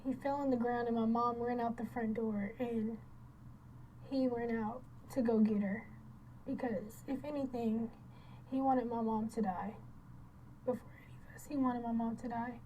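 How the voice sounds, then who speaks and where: High-voiced woman giving shaken testimony. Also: steady tone, mellow, a little hiss or hum, rough recording. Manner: halting, repeats and restarts, voice breaking into tears at times. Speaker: crime victim recounting an attack. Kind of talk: emotional first-person testimony.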